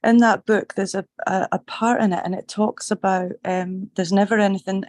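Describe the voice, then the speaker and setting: Scottish woman w a bit of aussie twang, middle-aged, upbeat chatty, flat-ish delivery, dry sound. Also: medium pitch, normal speed, dry recording. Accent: Scottish with a slight Australian twang. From Scotland. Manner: chatty, upbeat, swears casually. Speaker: group call participant. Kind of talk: casual chat.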